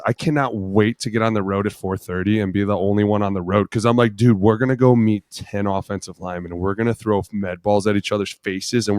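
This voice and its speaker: A former football player in his thirties spins raucous locker-room tales on a podcast. His voice sits low, and he swears freely and acts out the people in his stories. He is recorded close and dry with no room sound. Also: no echo. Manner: profane, animated storyteller acting out voices. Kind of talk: casual chat.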